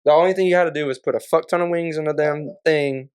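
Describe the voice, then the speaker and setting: A man's voice: a little high, fairly even intonation, fast talker, darkish tone, clear, resonant tone. A man on a podcast telling a casual, profane story in a laid-back way, often breaking into laughter. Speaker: podcast guest.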